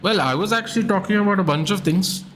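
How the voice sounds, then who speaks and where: A man streams a live football watchalong, chatting casually, reading out viewer comments, and getting excitable whenever there's a goal. His voice is high and fast, with slight background noise.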